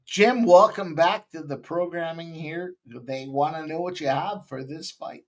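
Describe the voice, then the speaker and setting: High-voiced man hosting a betting chat. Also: measured pace. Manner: joking, teasing, swears casually. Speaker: betting show host. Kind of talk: casual group chat on a live stream.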